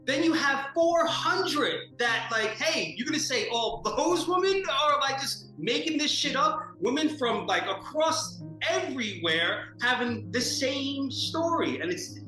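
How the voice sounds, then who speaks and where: A man's voice: very high-pitched, big pitch swings, unhurried, hardly any pauses, pushed and bright. A man giving a documentary interview, talking indignantly and animatedly with lots of fillers. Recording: echoey room with music underneath.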